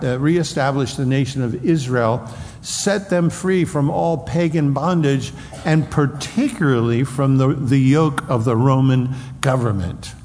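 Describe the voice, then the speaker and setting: A male preacher delivers a sermon at an unhurried pace. He speaks earnestly and at times acts out loud taunts from a crowd. His voice carries through a reverberant hall with faint ambient noise behind it. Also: medium pitch.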